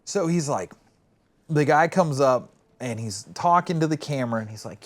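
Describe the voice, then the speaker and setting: A man co-hosting a podcast in casual chat, telling stories in a rambling, animated way and acting out quotes with swearing. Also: mid-range voice, moderate pace. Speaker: podcast co-host.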